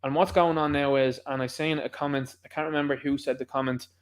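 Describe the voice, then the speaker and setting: A man with a Dublin Irish accent holds forth on his own channel in a mid-pitched voice. He talks in a combative, impassioned ramble, pressing his points hard. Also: little pitch movement, fast. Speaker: channel host. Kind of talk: ranting political commentary.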